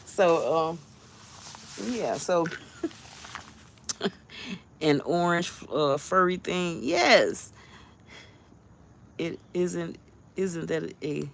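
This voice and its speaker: A woman's voice: fairly low pitch, slight background noise. A woman vlogger talking casually to her viewers, chatty and jumpy, laughing often as she frets.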